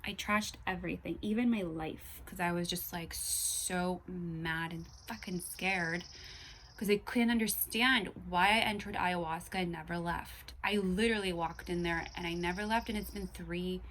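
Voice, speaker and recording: A woman's voice: lowish voice, fairly even intonation, normal speed, fairly bright tone, slight background noise. A young woman vlogger ranting to camera in an exasperated way, swearing and at times dropping into whispers.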